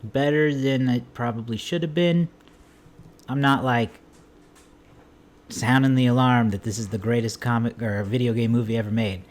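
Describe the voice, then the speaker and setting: A man's voice: mid-range voice, moderate pace. A man with a mid-range voice hosts a casual movie podcast. His humor is dry and sarcastic, and he sometimes puts on mock enthusiasm before handing off to his co-host.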